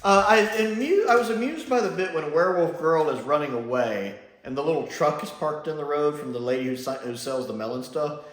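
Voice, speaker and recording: A man giving a casual spoken review, chatty and animated, often pausing with "uh" and "like". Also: on the high side. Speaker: film and TV reviewer. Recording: roomy echo.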